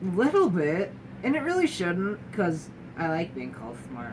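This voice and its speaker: A woman's voice: mid-range voice, big pitch swings, moderate pace, hardly any pauses. Young woman, wry, candid, lots of restarts, sounds a bit far off from the mic, noisy room. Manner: candid, wry, restarts often, mimics others mid-sentence. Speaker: guest sharing her experience. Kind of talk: casual talking-head chat.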